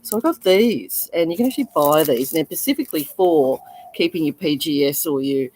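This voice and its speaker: An Australian woman with a low, deep-set voice talks through a live coin sale. She gushes over each piece and stumbles through plenty of fillers and restarts in a relaxed, casual way. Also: fairly quick, a little hiss or hum, rough recording. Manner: chatty, gushing, many fillers and restarts. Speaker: coin seller on a livestream. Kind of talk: casual live selling chat.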